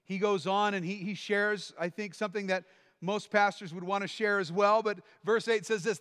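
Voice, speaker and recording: A man preaching a sermon in a church hall, swinging between quiet explanation and loud, shouted lines. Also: high voice, a little fast, smooth. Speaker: pastor.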